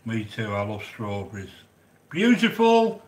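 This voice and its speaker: Male cooking host, mid-pitched, effusive live-chat rambler, roomy reverberant sound. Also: expressive, a little slow, fairly bright tone. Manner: effusive, gushing, repeats himself with fillers. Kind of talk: casual live-stream chat reading viewer comments. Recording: echoey room.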